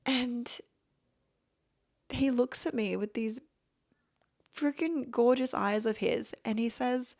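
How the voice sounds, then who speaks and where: A woman's voice: fairly high pitch, slow, long pauses, darkish tone. A woman hosting a podcast, telling a personal story in a gushing, emotional way and laughing often. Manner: gushing, repeats words. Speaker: podcast host.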